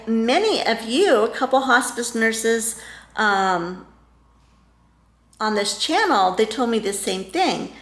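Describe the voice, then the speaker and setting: Middle-aged woman vlogger, emotional and rambling, slow unhurried delivery in an echoey room. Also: mid-range voice, a bit bright. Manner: emotional, rambling with many restarts and fillers. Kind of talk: casual storytelling chat. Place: home room.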